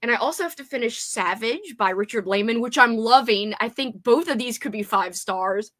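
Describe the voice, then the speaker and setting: A woman's voice: on the high side, expressive, normal speed, a bit bright. A woman hosting a casual reading livestream, bubbly, greeting viewers by name and laughing often. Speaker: booktube livestream host. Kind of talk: casual live chat with viewers.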